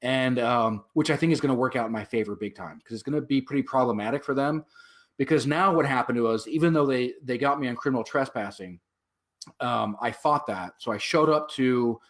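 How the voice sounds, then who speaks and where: A man's voice: mid-range voice, a little fast, fairly bright tone. A man, a veteran and activist, telling his story as a guest in a casual interview, rambling with many fillers and swear words.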